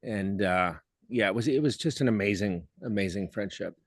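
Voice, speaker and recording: Male guest, low voice, hesitant and reflective, dry close sound, video call. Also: no echo. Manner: halting, many fillers and restarts. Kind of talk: heartfelt casual conversation.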